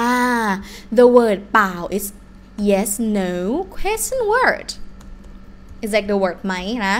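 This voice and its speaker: A woman with a Thai accent, a native Thai speaker teaching a live online language lesson in an animated way. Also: a little high, moderate pace. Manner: animated, switches between English and Thai examples.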